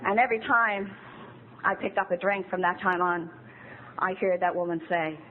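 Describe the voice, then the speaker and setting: A woman's voice: on the low side, normal speed. A woman in her fifties giving a candid, emotional recovery talk at a meeting. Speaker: AA speaker. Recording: tinny phone-like old tape with faint hiss.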